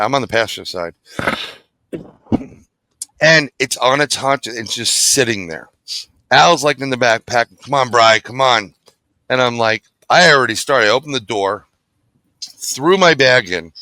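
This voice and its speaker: A man recounts an encounter as an interview guest, his voice bright and tense, edged with a forceful ring. The recording is close and dry, with no room sound around him. He tells it vividly and bluntly, with an occasional curse. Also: mid-range voice, no echo. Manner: vivid, animated storytelling, blunt and profane. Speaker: guest, paranormal investigator. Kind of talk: storytelling in an interview.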